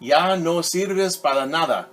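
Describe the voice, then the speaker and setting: A man's voice: a little high, unhurried, fairly bright tone, pitched above the performer's own voice, rough recording. A man voicing a grumpy old man who scolds his worn-out hat in a children's storybook read-aloud. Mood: exasperated.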